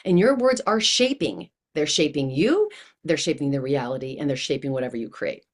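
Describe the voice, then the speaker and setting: Enthusiastic woman guest, slightly low voice. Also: fairly quick. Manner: animated, enthusiastic, acts out quoted voices. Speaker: guest, coach. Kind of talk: casual interview chat.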